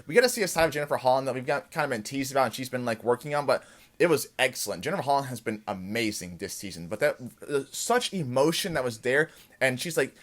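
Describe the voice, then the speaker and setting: A man hosting a TV after-show, giving a casual, excited recap of an episode and acting out the characters' lines as he goes. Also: mid-range voice, fast talker.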